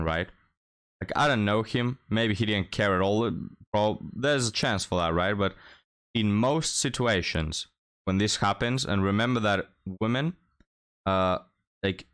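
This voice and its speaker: A man's voice: low voice, fairly bright tone, smooth. A man giving casual commentary on a clip, rambling and repeating himself as he talks to his viewers. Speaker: reaction commentator.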